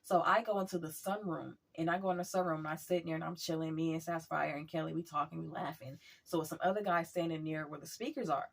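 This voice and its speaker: Woman vlogger, husky voice, chatty storyteller. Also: deep voice, quick pace, few pauses. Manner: chatty, animated retelling with acted quotes. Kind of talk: casual storytelling.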